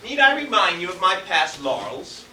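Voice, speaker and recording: A man acting a vain, pompous stage director with a theatrical, shouty manner, recorded far off in an echoey hall. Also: sits high, wildly swooping pitch, moderate pace, exaggerated voice. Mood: grandiose. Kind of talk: amateur stage comedy acting. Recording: echoey stage from a distant mic, faint hiss.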